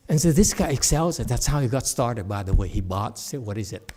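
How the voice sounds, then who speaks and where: A man's voice: mid-range voice, lively intonation, a little fast, few pauses, dark tone. A middle-aged man, a Buddhist teacher, giving a chatty dharma lecture with digressive asides and frequent laughs. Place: temple hall.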